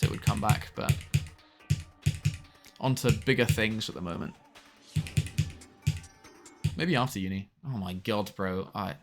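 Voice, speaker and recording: A young man chatting casually with viewers while streaming a game, swearing now and then at the game. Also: medium pitch. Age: young adult. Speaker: streamer reading chat.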